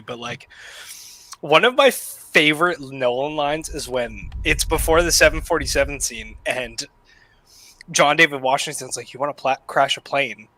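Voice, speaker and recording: Bright-voiced excitable podcast guy. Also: fairly high pitch, low-quality recording. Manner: excitable, swears a lot, laughs often. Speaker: podcast co-host. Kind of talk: casual film podcast chat.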